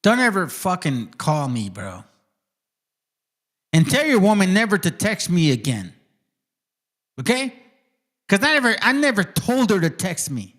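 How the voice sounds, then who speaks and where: Guy ranting and cussing at people on his channel, kinda high voice, all over the place. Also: huge pitch swings, a little slow, long pauses, a bit bright. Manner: confrontational, profane, addresses people directly. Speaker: channel host. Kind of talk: ranting monologue.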